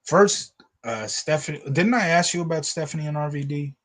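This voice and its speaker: A man hosting a casual review show, retelling scenes in a lively way, acting out quotes and laughing often. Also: fairly high pitch, brisk. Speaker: podcast host.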